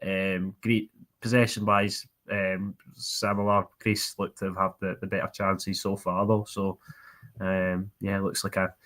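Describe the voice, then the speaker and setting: Football pundit, low and forceful voice, hesitant ums. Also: male voice, flat delivery, measured pace. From Scotland. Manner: hesitant, many ums, gives match updates. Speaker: football podcast panelist. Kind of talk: casual football chat.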